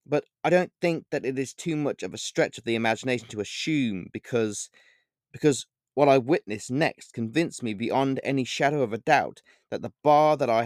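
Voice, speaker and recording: A man's voice: mid-range voice, dry recording, clean studio sound. Man reading his own novel aloud. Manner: measured, explanatory storytelling with digressions. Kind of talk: first-person audiobook narration.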